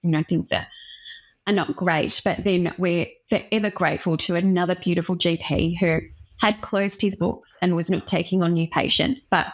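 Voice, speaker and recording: A young woman, a doctor interviewed as a guest, tells a personal story in a frank and candid way. Her voice sits fairly low, and her feeling shows now and then as she talks. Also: steady tone, moderate pace.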